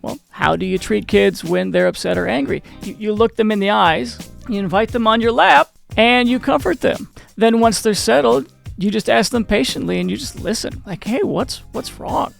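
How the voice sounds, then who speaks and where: A man's voice: high-pitched, normal speed, creaky, faint music behind. A man hosting his own channel, talking casually to the viewer, with frequent restarts and questions to the listener. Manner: conversational, repeats and restarts, asks the viewer questions. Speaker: channel host. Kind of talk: casual talk to camera.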